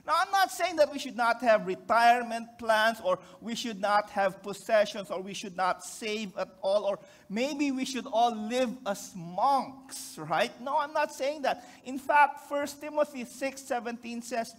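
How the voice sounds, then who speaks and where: Filipino male pastor with a very high voice, chatty joking sermon that keeps checking in with the congregation. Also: a little slow, few pauses, fairly bright tone. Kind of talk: conversational sermon.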